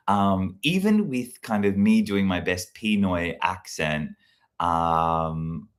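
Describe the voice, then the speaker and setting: A deep-voiced man talks to camera as a comedy creator. He muses in a rambling, reflective way, full of filler words and false starts. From Australia. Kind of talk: casual talk to camera.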